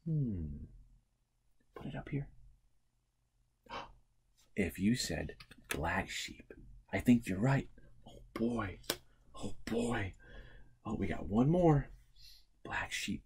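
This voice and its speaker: A man teaching a remote preschool lesson, playful and animated, swinging from hushed to excited. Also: lowish voice, husky.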